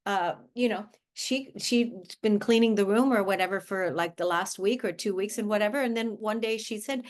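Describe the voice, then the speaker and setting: A woman's voice: mid-range voice, normal speed, few pauses. A woman guest, a life coach, speaking earnestly in a conversational interview, often restarting her sentences. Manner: earnest, with frequent restarts and filler words.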